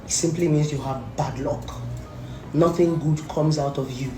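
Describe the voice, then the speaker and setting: Her voice sits low and her pace is measured, with background noise present. This Nigerian-accented social media commentator delivers a fierce, accusing rant to camera, repeating points for force, in an echoey room with faint background music.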